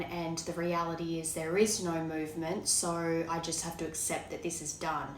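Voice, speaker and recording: Hoarse low-voiced woman reading tarot. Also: little pitch movement, normal speed, few pauses, roomy sound, slight background noise, low-quality recording. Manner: rambling, hesitant, many fillers. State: hoarse, voice cracking from illness. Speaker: tarot card reader. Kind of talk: casual tarot reading to camera.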